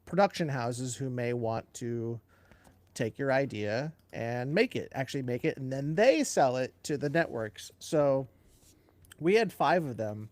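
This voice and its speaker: A man's voice: medium pitch, expressive, unhurried, a little mellow, no room sound. A man co-hosting a casual live question-and-answer chat, rambling, laughing often and correcting himself as he goes. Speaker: co-host.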